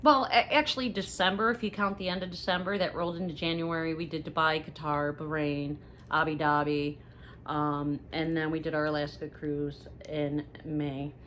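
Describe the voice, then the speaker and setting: A middle-aged woman chatting casually to viewers in a haul video, rambling and gossipy with lively asides. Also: deep voice, moderate pace, slight background noise. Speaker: haul vlogger.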